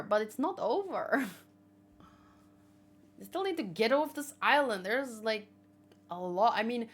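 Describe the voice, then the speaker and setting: Slow-talking chatty woman reading manga. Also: a little high. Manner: chatty, excitable, swears casually. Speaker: manga read-along host. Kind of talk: casual manga read-along commentary.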